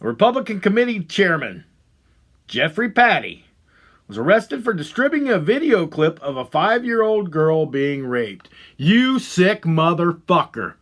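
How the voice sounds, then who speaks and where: A man hosting a podcast, delivering a profane, heated monologue that swings between loud outbursts and low muttering. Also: sing-song, normal speed. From Ohio. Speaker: podcast host. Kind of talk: angry ranting monologue.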